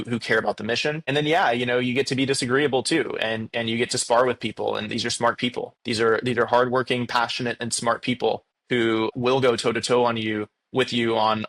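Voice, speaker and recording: Chatty man, conference interview guest. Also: mid-range voice. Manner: animated, many fillers and restarts. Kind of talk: conversational interview. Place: conference venue.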